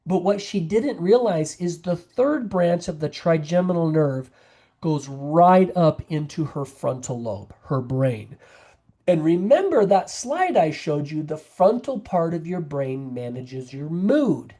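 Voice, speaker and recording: A man's voice: on the high side, big pitch swings, slow, dark tone. A man, a nurse practitioner, giving a presented health lecture and explaining things step by step through patient stories.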